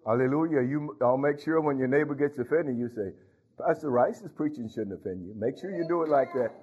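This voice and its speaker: A man's voice: mid-range voice, fairly quick, darkish tone, dull audio, a little hiss or hum. A man preaching a folksy sermon as pastor, talking straight to his congregation and dropping in hallelujahs. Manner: folksy, talks to congregation, frequent hallelujahs and laughs.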